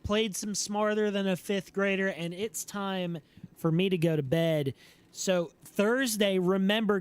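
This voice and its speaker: High-voiced, sleepy male streamer. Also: dry recording. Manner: relaxed and slangy, talking to chat. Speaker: game streamer. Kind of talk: casual live-stream chat. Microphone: streaming microphone.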